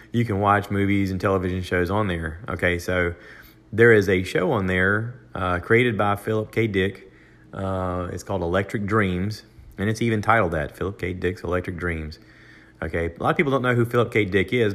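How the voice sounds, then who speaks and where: An older American man hosting a podcast alone, talking casually with many fillers and restarts, and raising his voice when he acts out what other people said. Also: fairly bright tone. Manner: acts out quoted voices in a raised pitch. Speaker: podcast host. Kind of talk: casual solo monologue.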